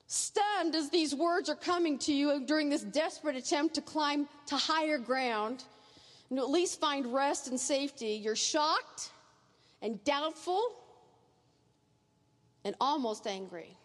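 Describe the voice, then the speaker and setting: Echoey high-voiced woman preaching. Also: measured pace. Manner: earnest, vivid second-person imagery. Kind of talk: sermon. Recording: echoey hall reverb.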